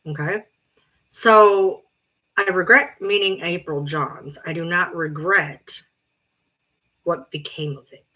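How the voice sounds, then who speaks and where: A woman livestreaming and chatting casually, blunt, exasperated and quick to swear. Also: on the low side, fairly even intonation, lo-fi sound.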